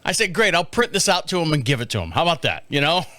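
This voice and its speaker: A middle-aged man hosting a podcast, telling rambling, animated stories and putting on mocking voices in a casual monologue. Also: fairly high pitch, fast, dry recording. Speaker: podcast host. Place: home studio.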